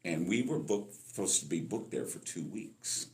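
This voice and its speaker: A man in his sixties from Los Angeles, a musician telling stories from his life as a guest in an interview, animated and acting out the people in them. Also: sits low, normal speed, a little hiss or hum. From Los Angeles, California. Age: 60s. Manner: animated storyteller, acts out voices in his anecdotes. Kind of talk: storytelling interview.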